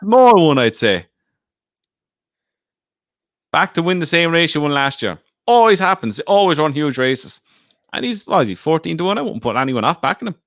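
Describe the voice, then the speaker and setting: A man's voice: on the high side, sing-song, moderate pace, pauses often, fairly bright tone, no room sound, clean studio sound. A man co-hosting a podcast, chatting casually about betting and teasing his co-host. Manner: teasing, banters.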